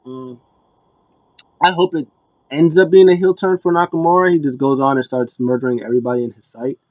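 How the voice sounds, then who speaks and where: A man talking through a recap in a loose, rambling way, full of ums and uhs, sometimes slipping into quick put-on quotes. His pitch sits in the middle range for a man. The sound is dry and close, with no room around it. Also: a little mellow, dry recording, dull audio. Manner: rambling, lots of fillers and acted-out quotes. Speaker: wrestling show recap host. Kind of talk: casual solo recap.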